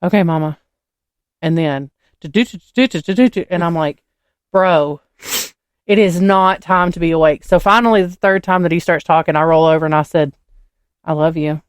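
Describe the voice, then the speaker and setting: On a casual podcast, a female co-host briskly recounts family stories, animatedly acting out what people said and swearing offhandedly. Her low-leaning voice has a clean tone, and the studio-quality recording is dry.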